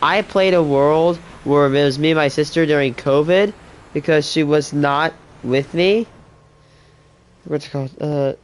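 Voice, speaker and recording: A man's voice: on the high side, a little hiss or hum. A man ranting bluntly in casual chat, swearing and rambling on.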